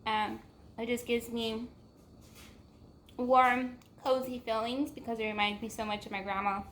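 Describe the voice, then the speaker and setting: A woman's voice: fairly high pitch, little pitch movement, a little slow, slight background noise. A young woman hosting a home cooking vlog, talking casually to her viewers with lots of fillers as she cooks in her kitchen. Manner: chatty, warm address to viewers with frequent fillers. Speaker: cooking vlogger.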